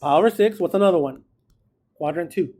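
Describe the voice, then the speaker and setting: Speaking at normal speed, a high-pitched man with a dark tone leads a math lesson. He keeps the lecture casual and encouraging and narrates every step as he works.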